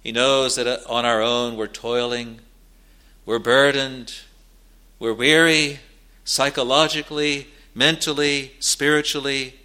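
A man preaching a sermon, slow and earnest, building to emphatic rises and pausing between phrases. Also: medium pitch, flat delivery, sharp tone, clean tone.

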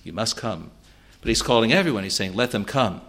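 A man preaching a sermon, earnest, swelling loud on key words and then dropping to a soft, quiet close. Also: lowish voice, lively intonation, a little fast.

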